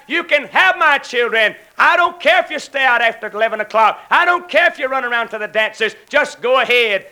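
A man's voice: extremely high pitch, pushed and bright, smooth. A man preaching a fiery sermon, declaiming and hammering his listeners with rhetorical questions, on an old recording.

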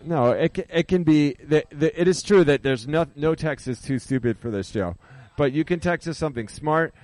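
A man's voice: on the high side, normal speed, darkish tone, no echo. A man hosting a live radio show, talking casually, rambling and correcting himself, laughing at his own jokes. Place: radio studio. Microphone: studio microphone.

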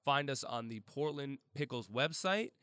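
A man's voice: medium pitch, lively intonation, a little slow, bright, forceful tone, clear, resonant tone, dry recording. A man hosting a podcast, wisecracking in a loose, playful way and reading out the show's plugs. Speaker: podcast host. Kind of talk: casual comedic chat.

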